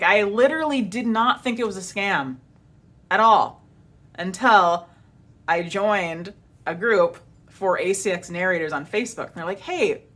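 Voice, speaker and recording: A young woman vlogger and audiobook narrator talking casually to camera, chatty, with lots of "like" and acted-out reactions. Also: on the low side. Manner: chatty and animated, many "like"s, acts out her own reactions.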